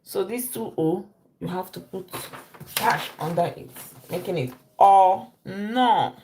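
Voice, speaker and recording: A woman leads a live-stream language lesson. She talks at an unhurried, deliberate pace and says each phrase again and again so learners can follow. Her voice sits at an ordinary middle pitch. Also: dark tone, slight background noise. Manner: repeats phrases slowly for learners. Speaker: language teacher.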